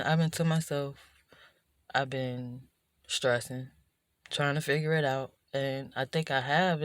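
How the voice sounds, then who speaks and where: A woman records a reflective personal vlog indoors at night, her low voice captured with no echo. She talks through her feelings in a rambling, introspective way, restarting sentences and filling gaps with "you know".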